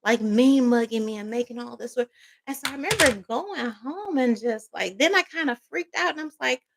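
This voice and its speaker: A woman's voice: fairly high pitch, a little fast, gravelly, background noise. A woman vlogger telling a personal story in a casual storytime monologue, rambling, emphatic and swearing freely.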